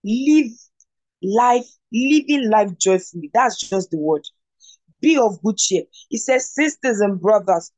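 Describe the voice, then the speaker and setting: A woman preaching a devotional sermon, repeating declarations of victory and breaking into shouts of glory. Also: medium pitch, lively intonation, a little slow, no echo.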